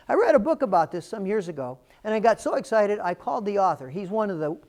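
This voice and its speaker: High-voiced earnest male coach. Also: darkish tone. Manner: earnest, emphatic, conversational with repeated phrases. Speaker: values coach and course presenter. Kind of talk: motivational teaching talk.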